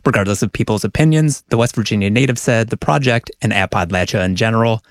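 A man narrating a radio news feature in an even, measured way. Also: on the low side, no echo. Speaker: radio reporter. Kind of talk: news report.

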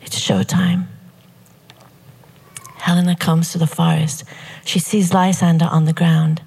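Brief: woman storyteller, breathy and husky, slow and unhurried, hushed confessional delivery with a wry edge. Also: fairly low pitch, animated. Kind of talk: first-person storytelling to an audience.

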